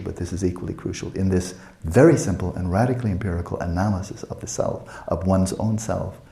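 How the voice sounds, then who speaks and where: A man in his sixties teaching a meditation retreat, talking calmly and reflectively and asking many searching questions. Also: low-pitched. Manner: calm, reflective, asks many rhetorical questions.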